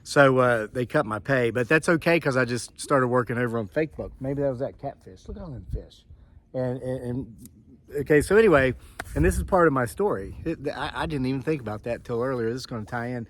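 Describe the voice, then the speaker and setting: A man's voice: medium pitch, fast talker, a little hiss or hum. A man vlogging outdoors on his homestead, telling a rambling joking story with asides while filming on a camera mic. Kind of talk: casual storytelling vlog.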